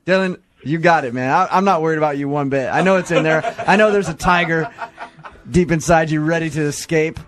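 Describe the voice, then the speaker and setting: A man's voice: fairly high pitch, a little fast, a crowd in the background. Teasing male radio host. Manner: teasing, playful. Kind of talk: morning radio banter and prank call.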